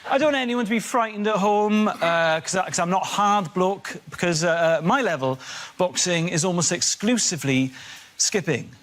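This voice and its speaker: A man in his thirties doing a stand-up routine, animated and bursting into shrill character voices. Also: moderate pace, slight background noise. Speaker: comedian.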